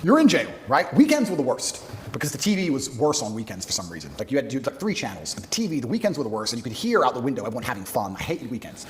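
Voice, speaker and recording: Fast, animated man telling a story. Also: medium pitch, slight background noise. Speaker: podcast guest. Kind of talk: storytelling in an interview.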